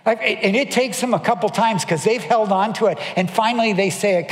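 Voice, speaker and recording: A man preaching a sermon from the pulpit, his voice sitting high for a man. A long reverb from a large hall trails after every phrase. He tells stories, acts out what people said, and keeps turning to the audience with questions. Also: brisk, few pauses. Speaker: pastor.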